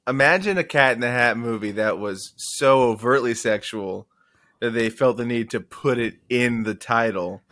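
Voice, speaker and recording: A man co-hosting a podcast, playful and quick with jokes in casual banter. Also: medium pitch, fairly bright tone, no room sound. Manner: playful, does silly voices. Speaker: podcast co-host.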